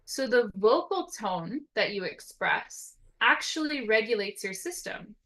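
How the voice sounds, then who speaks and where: A woman therapist giving an educational talk, explaining step by step with a lively, up-and-down intonation and often checking in with "right?". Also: on the high side, measured pace, hardly any pauses, rough recording. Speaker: occupational therapist.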